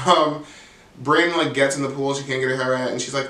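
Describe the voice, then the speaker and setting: A man's voice: mid-range voice, steady tone, brisk, sharp tone. A man tearing through a reality show recap in a sassy, blunt way, swearing freely and stuffing his talk with "like." His voice bounces around a reverberant room. It sounds as if he sits some distance from the microphone. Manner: sassy, blunt, profane, frequent "like". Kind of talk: casual commentary. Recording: echoey room, mic at a distance.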